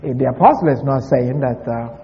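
A man giving a verse-by-verse Bible lesson, measured and deliberate, slowly stressing key words. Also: medium pitch. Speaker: Bible teacher. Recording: long reverb, dull lo-fi sound.

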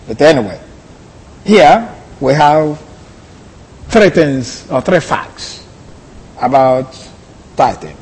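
Slow man teaching scripture. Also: on the high side, sing-song, darkish tone, husky. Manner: slow, deliberate, repeats key phrases. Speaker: Bible teacher. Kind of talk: verse-by-verse Bible lesson. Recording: long hall reverb.

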